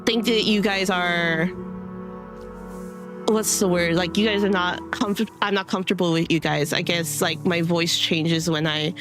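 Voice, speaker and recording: A woman streamer talks casually to her viewers, circling her thoughts with fillers and false starts. Her throat sounds a little dry, and soft music plays faintly behind her. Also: lowish voice. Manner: rambling, many fillers and restarts. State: dry throat, clearing it now and then. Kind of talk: casual chat to stream audience.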